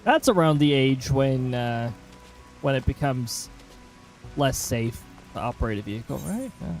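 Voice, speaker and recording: A man's voice: medium pitch, expressive, a little slow, faint music behind, poor audio. A man streaming a game, chatting casually with rambling asides.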